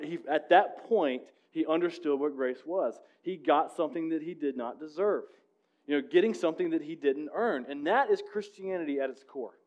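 A man preaching a sermon in a conversational, storytelling way, with frequent restarts, dropping low and rising on key points. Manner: drops to a hushed voice when telling the story; rises and presses louder on the main points. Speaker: pastor.

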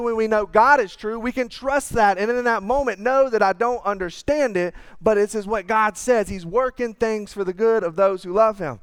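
A man, preaching a sermon in a conversational, earnest way, sometimes dropping to quiet asides. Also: extremely high pitch, clear, resonant tone, no echo, clean studio sound. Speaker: pastor.

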